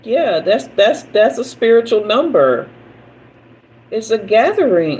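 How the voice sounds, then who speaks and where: Woman, spiritual reader, slow, emotional, soothing, faint background noise. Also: a little high, very animated, a little mellow, low-quality recording. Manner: emotional, slow and soothing, talks to viewers directly. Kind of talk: live psychic reading.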